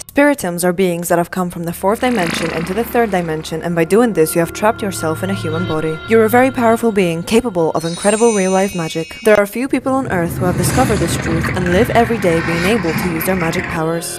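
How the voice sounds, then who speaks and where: A woman reading short creepy scripts as scripted narration, in an ominous tone that challenges the listener. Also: medium pitch.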